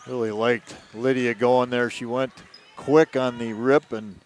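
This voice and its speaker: A man's voice: medium pitch, flat delivery, measured pace, a little hiss or hum. A man who was once a coach, giving color commentary on a basketball game, rambling with restarts. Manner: rambling with many restarts and stumbles.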